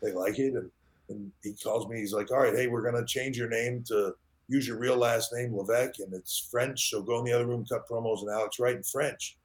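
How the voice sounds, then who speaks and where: A middle-aged man speaks as a podcast guest at an ordinary pitch. He tells his stories with energy and slips into other people's lines as he quotes them. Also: fairly quick. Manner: animated storyteller acting out quoted dialogue. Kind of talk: conversational storytelling in an interview.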